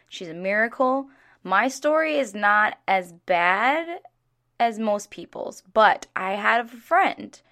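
A young woman in her twenties casually telling a personal story to camera, chatty and animated, laughing often and acting out what others said. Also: mid-range voice. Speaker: vlogger.

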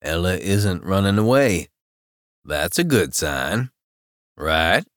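A man reading a first-person romance audiobook in a very deep, unhurried voice. His tone stays low-key and wry, and the recording is close and dry. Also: big pitch swings, dry recording. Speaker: audiobook narrator.

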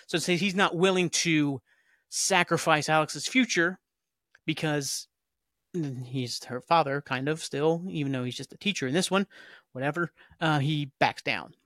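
A man's voice: on the high side, fairly bright tone, dry recording, studio quality. A man hosting a podcast, recapping a TV episode in a rambling, casual way full of fillers and the odd swear word. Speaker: podcast host.

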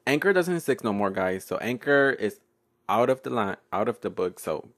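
A man's voice: fairly low pitch, big pitch swings, moderate pace. Young guy w/ rambling on his podcast, giggly, voice jumps all over. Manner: playful, giggly, code-switching, often loud and laughing. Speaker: podcast host. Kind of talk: casual solo podcast storytelling.

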